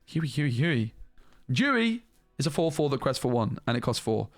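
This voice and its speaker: A man's voice: mid-range voice, a little fast, no room sound, faint music behind. Man chatting through card reviews. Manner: animated, thinking aloud with restarts and asides. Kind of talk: casual card review commentary.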